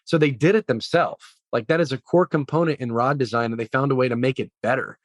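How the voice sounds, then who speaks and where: A man's voice: mid-range voice, quick pace, no room sound, clean studio sound. A man co-hosting a casual fishing podcast, explaining gear with enthusiasm and some rambling. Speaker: podcast co-host. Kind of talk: casual chat.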